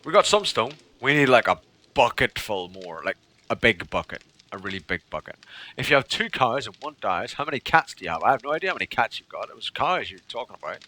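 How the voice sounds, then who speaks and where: A man's voice: mid-range voice, big pitch swings, fast, sharp tone. A man streaming a game live, reading chat aloud, thanking followers and joking with viewers.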